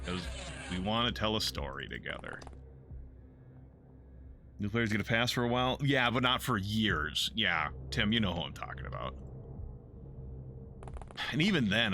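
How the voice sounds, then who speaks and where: A low-sitting, sharp male voice, with a little hiss or hum in the audio. Streaming a game, he talks casually and profanely, drifting between topics, reading out chat to answer it, and mocking himself.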